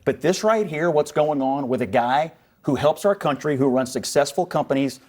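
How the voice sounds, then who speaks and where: A man on a TV news panel, arguing forcefully and indignantly. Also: a little high, normal speed. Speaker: panel guest. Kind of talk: heated TV panel debate.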